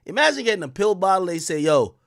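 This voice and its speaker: A young adult man hosting a commentary show, talking in a mocking, animated way that swings from loud outbursts to low muttered asides. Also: moderate pace, no room sound, clean studio sound. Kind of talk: sarcastic news commentary.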